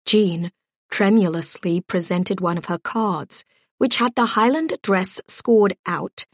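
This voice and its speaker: A woman narrating an audiobook in a measured, gently expressive storytelling voice. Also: fairly low pitch, no echo, clean studio sound.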